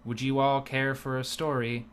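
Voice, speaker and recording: A man doing a droning monotone dwarf bard. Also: mid-range voice, moderate pace, clear, resonant tone, lightly acted. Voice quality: flat, no inflection, droning.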